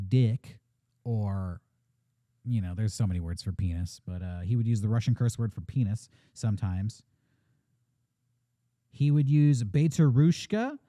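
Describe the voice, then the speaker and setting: A man's voice: mid-range voice, mellow, no echo, studio quality. A man hosting a podcast, telling a story in a chatty, joking way with lots of ums and uhs. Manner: chatty and jokey, with many fillers. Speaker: podcast host.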